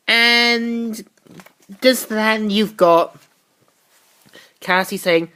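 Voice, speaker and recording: A woman's voice: lowish voice, animated, a little slow. A woman reviewing a comic book, recapping the plot casually with asides.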